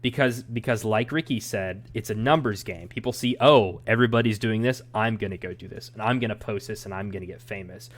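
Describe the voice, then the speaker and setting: A man's voice: lowish voice, fairly quick, few pauses. A young adult man co-hosting a podcast, giving his opinions in a rambling, ranting casual chat. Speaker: podcast co-host.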